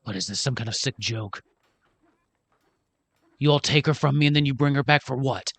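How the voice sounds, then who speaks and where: A burly orc father with a gruff, protective voice, speaking at an everyday middle pitch, as a game master puts him on. He sounds dry and close, with no room around him. He barks suspicious demands at strangers, then turns soft with his daughter. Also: moderate pace, no room sound. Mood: suspicious, angry. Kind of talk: tabletop game character voice.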